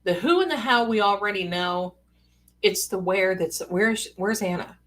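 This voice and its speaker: A woman's voice: medium pitch, normal speed, a bit bright. Chatty folksy woman streaming live. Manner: chatty, folksy, sassy asides. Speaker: psychic livestream host. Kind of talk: casual live-stream chat.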